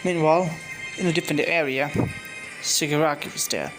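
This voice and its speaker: The audio is poor, with music underneath, as a man with a fairly high voice reads his fan-made story at a fairly quick pace. His delivery is casual and rambling, full of restarts and self-corrections.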